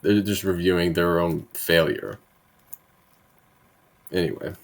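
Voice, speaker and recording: Blunt, profane man with a lowish voice. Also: moderate pace. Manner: frequent tag questions, conversational asides. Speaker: political commentary host. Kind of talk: reading bill text with casual commentary.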